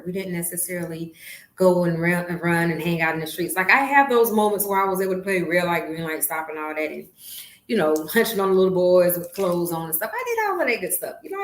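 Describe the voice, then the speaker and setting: A woman in her fifties hosts her podcast in a blunt, profane monologue, dropping to low asides and then rising into loud outbursts. Her voice sits at a middle pitch. The recording carries a roomy echo. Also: a little hiss or hum. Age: 50s. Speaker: podcast host. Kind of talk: candid monologue.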